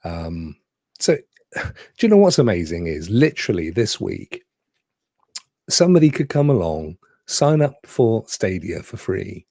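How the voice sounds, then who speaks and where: A man's voice: deep voice, very animated, measured pace, a little mellow, no echo, studio quality. A man co-hosting a live gaming stream, chatting casually with rhetorical asides and frequent laughs. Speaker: podcast co-host.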